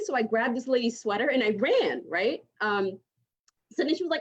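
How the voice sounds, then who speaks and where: A woman performs stand-up through a muffled, lo-fi video call line. Her voice sits a little high, and she rambles, stumbles and laughs at her own jokes. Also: lively intonation, fairly quick, husky. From outside the United States. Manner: rambling, self-mocking, laughs through lines. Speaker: stand-up comic. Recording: dull lo-fi video call audio.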